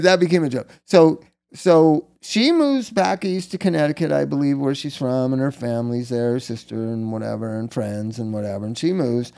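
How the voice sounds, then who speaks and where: Middle-aged guy with a dark gravelly voice, rambling through a story, candid and casual. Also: medium pitch. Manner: candid, rambling, many fillers like "right?" and "like". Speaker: guest telling a personal story.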